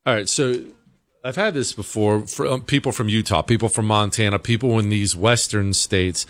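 A man's voice: on the low side, fairly even intonation, normal speed, no echo. A man hosting a talk show, giving an emphatic, conversational political commentary monologue.

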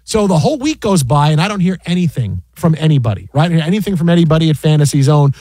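Fast-talking exasperated man, high voice. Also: no echo. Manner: animated, exasperated retelling with many restarts. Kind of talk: casual storytelling chat.

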